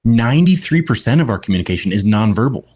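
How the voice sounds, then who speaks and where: A man guest on a podcast, speaking in a reflective, deliberate way with long pauses. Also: medium pitch, big pitch swings, a little mellow, husky. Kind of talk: conversational podcast talk.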